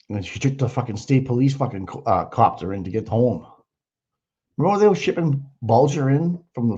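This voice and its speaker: Male livestream host, rambling and crude, mellow voice, dull lo-fi sound. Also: lowish voice. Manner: blunt, rambling, swears often. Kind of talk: casual profane livestream commentary. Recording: dull lo-fi audio.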